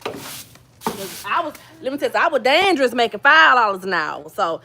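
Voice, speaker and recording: Bright-voiced chatty woman livestreaming. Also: on the high side, sing-song, normal speed, creaky. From New Jersey. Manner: chatty, storytelling, addresses viewers by name. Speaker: vlogger hosting a livestream. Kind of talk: casual livestream chat with viewers.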